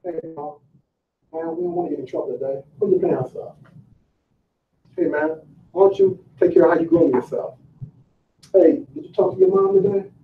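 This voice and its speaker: Speaking to a packed, echoing room, this motivational speaker preaches emphatically, firing rhetorical questions at the crowd in colloquial street talk. His rather high voice is gravelly and expressive at a normal speed with frequent pauses, and the distant recording sounds dull over faint ambient noise.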